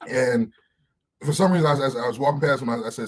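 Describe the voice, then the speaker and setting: A man in his thirties, a podcast guest telling candid stories in an animated way, swearing freely and acting out other people's voices. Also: mid-range voice, a little fast, pauses often. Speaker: interview guest.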